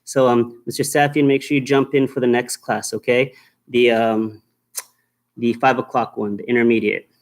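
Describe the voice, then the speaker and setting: Man, martial arts instructor running a kids' class, firm but encouraging, mid-pitched, roomy echo, faint hiss. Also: level tone, normal speed. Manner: firm and encouraging, checks in with "okay?" after nearly every point. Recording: echoey room with faint noise.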